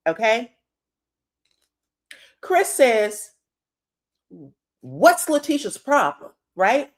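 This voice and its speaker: A woman giving a casual, profane gossip recap of a reality show, acting out the people she quotes. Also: mid-range voice. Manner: animated, acts out quotes, profane and laughing.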